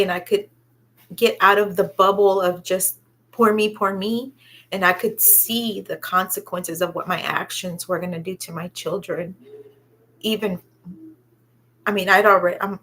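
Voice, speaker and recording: A woman telling a personal story, halting and reflective, with many pauses and fillers. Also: mid-range voice, fairly bright tone. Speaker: vlogger sharing her own story.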